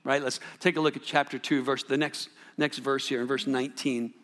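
A man's voice: mid-range voice, flat delivery, brisk, a bit bright, big-room sound. A man preaching a sermon, reading scripture and telling a personal story in a conversational way, often checking in with the listeners. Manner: conversational storytelling, frequent "right?" asides and restarts. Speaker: pastor.

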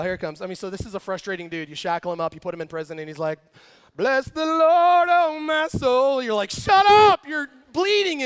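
High-voiced animated young pastor. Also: male voice. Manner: animated, jokey storytelling with acted quotes. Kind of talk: lively casual sermon.

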